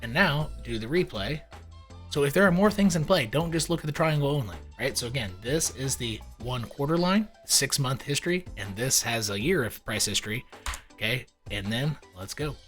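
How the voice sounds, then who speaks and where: A man giving casual screen-share commentary on crypto charts, animated and wry, with mock-panicked asides and casual swearing. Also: mid-range voice, normal speed, faint music behind.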